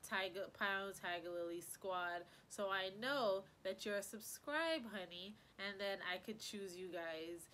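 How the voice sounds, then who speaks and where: A woman's voice: mid-range voice, a little slow, hardly any pauses, fairly bright tone, a little hiss or hum. A woman hair care vlogger chatting casually to camera, effusive and rambling, with a stuffy nose. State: stuffy-nosed.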